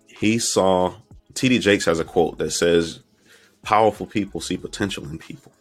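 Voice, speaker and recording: A man's voice: sits low, moderate pace, faint music behind. A middle-aged man from Florida, candidly recounting his life story as an interview guest and acting out remembered conversations. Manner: candid, reflective, acts out remembered dialogue. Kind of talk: personal storytelling.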